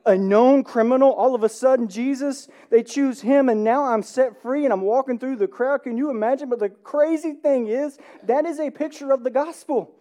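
A man pastor preaching a sermon, animated, swinging between loud emphasis and hushed passages, often asking the room "right?". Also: very high-pitched, normal speed, few pauses. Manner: conversational, asks the room "right?".

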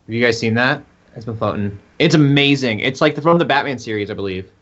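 Podcast dude rambling thru a story, lots of like and um, kinda muffled lo-fi sound. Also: male voice, mid-range voice, brisk, a bit bright. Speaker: podcast co-host. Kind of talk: casual chat.

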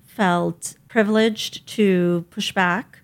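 A woman in her forties co-hosting a podcast, teasing her partner with quick jokes. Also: mid-range voice, fairly even intonation. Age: 40s. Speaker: podcast co-host. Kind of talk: casual chat.

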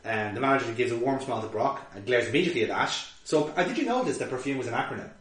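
A man's voice: medium pitch, very fast. A man co-hosting a podcast, casually recapping an episode with swearing and laughter. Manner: animated, swearing, laughing storyteller. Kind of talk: casual chat. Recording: roomy, distant mic.

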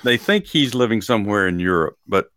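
A man's voice: fairly low pitch, animated, brisk, fairly bright tone, slight background noise. A man co-hosting a casual podcast, folksy and chuckling, with plenty of fillers and hesitations. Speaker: podcast co-host. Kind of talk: casual chat.

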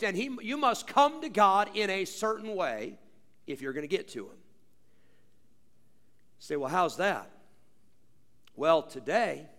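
Pressing his points with rhetorical questions and repetition, a male pastor delivers a sermon that swings from loud, drawn-out emphasis to low, quiet asides. A long reverb tail trails his words.

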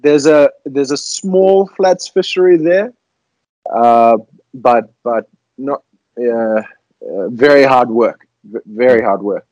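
A man's voice: medium pitch, slow, darkish tone, dry recording, rough recording. A man with a South African accent, a podcast guest chatting in a laid-back, self-deprecating way over a video call. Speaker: podcast guest, fishing guide.

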